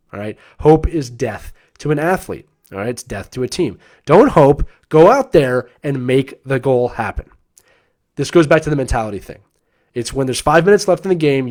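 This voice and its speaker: A middle-aged man, a former hockey player and coach, hosting a live-stream Q&A in an emphatic coaching tone and often checking in with "right?". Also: mid-range voice.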